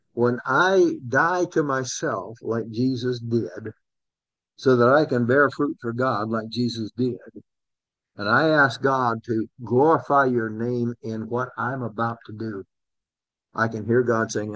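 A man's voice: mid-range voice, measured pace, a bit bright, dry recording, dull audio. A man preaching a sermon in a conversational way, calling on listeners by name. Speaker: pastor.

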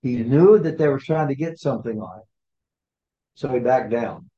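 Heard on a dull lo-fi recording, a Bible study leader with a mid-range voice speaks at a moderate pace. He teaches a small group through scripture in a conversational way, posing questions and acting out the quoted lines.

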